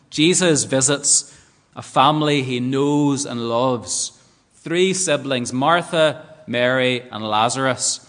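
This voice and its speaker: Speaking with a Northern Irish accent, a man preaches an earnest sermon in a church and favors rhetorical tag questions. His voice is medium-pitched and a bit bright, with long church hall reverb.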